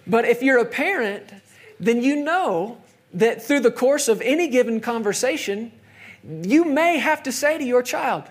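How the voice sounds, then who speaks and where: A middle-aged man preaching a sermon in a conversational way, sometimes dropping to soft, emphatic tones. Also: very high voice, animated, measured pace. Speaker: pastor.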